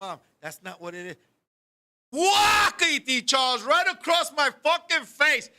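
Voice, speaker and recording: A man co-hosting a talk show, telling a comic story in an animated, profane way and acting out scenes with sudden shouts. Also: very high-pitched, a little slow. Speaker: podcast co-host.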